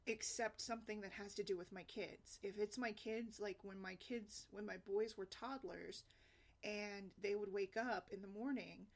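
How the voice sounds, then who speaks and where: Woman vlogger, chatty storyteller, loose and rambling, quick to laugh. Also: medium pitch, steady tone. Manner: chatty, rambling, laughs often, many fillers. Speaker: single mom blogger. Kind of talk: casual personal storytelling.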